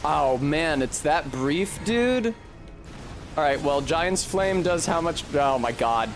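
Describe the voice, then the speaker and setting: A man's voice: on the high side, animated, slow pace, music in the background. A man streaming a game live, cursing and mocking himself as he plays. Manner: profane, self-mocking, exclamatory. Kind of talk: live gameplay commentary.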